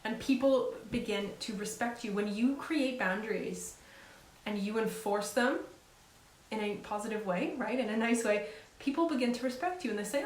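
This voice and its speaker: A woman's voice: on the high side, normal speed. Earnest woman coach in an echoey room. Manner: earnest, encouraging, conversational with frequent "right?". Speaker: life coach. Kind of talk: casual advice talk. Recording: echoey room with faint hiss.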